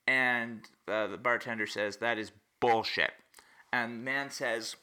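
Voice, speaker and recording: A man's voice: on the low side, steady tone, takes it slowly, sharp tone, clean tone. A man co-hosting a podcast in casual chat, telling corny jokes and then explaining them. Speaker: podcast co-host.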